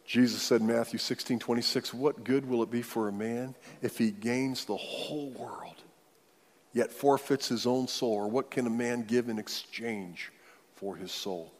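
Male pastor, sermon delivery, dynamic swings from booming to whispered, long reverb. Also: steady tone, measured pace. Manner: dynamic preaching, swings from loud declarations to near-whispers.

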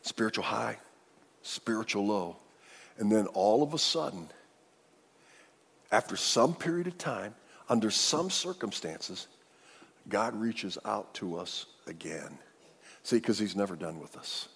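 A pastor preaching a sermon, retelling the story in an animated way that swings from hushed to emphatic. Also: male voice, fairly low pitch, measured pace, vocal fry, long pauses, breathy edge, long reverb tail.

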